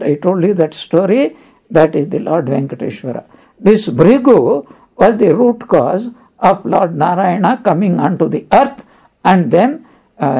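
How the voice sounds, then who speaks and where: A spiritual teacher giving a scripture discourse, telling stories and explaining Sanskrit terms one by one in an unhurried way. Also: medium pitch, gravelly, dark tone, breathy edge.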